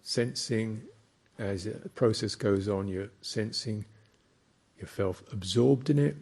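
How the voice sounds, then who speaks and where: A male Buddhist teacher gives a dharma talk, very slow and reflective, with pauses between phrases. His voice sits a little low and has a husky, gravelly grain. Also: darkish tone.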